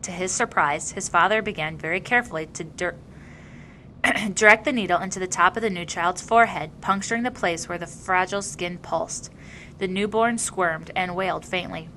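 Female audiobook reader, lower register, measured narration, slight background hum. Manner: measured, even storytelling. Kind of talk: reading a novel aloud.

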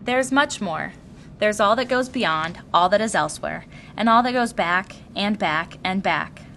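A woman voicing a weary old man who is gentle and burdened, speaking in a slow, grave and measured way. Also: mid-range voice, expressive, a little hiss or hum. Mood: solemn.

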